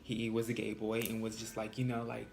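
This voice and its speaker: A man's voice: fairly low pitch, brisk, gravelly, a little hiss or hum. Sassy young man telling a storytime. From California. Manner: animated, sassy, swears freely. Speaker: vlogger. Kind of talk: casual storytime vlog.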